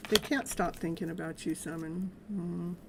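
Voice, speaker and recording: A woman's voice: on the low side, steady tone, normal speed, vocal fry, noisy background. A middle-aged woman hosting a casual live-stream tarot reading, chatting loosely with viewers and laughing often. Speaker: live tarot reader and host.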